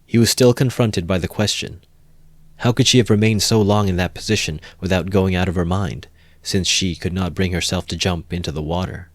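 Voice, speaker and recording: A man with a very deep voice reads a classic novel aloud in a calm, measured way. The sound is close and dry. It is an unhurried amateur audiobook narration. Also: no room sound. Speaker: reader.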